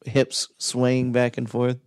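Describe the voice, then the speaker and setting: A man's voice: medium pitch, monotone, slow pace, a little mellow, smooth, dry recording, clean studio sound. A man co-hosting a podcast in casual chat, laughing often as he tells stories and acts out quoted voices. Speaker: podcast co-host.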